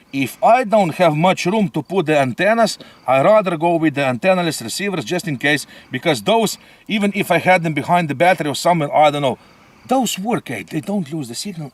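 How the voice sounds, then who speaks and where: A man reviewing a model plane in casual chat, often tagging sentences with a questioning "eh?". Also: on the high side. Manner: chatty, ends phrases with a questioning "eh?".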